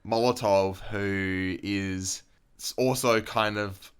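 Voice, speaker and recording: Rich: A man with a lowish, smooth and resonant voice co-hosts a casual film podcast. He talks loosely, swears freely and often restarts his sentences. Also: steady tone, takes it slowly. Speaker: podcast co-host. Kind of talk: casual film discussion chat.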